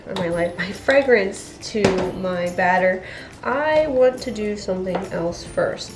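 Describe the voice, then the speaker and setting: A woman hosting a soap making video, chatting casually with frequent laughs while congested from a cold. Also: medium pitch. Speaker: soap maker and channel host. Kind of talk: casual tutorial chat. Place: indoor crafting room at home. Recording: echoey room with music behind.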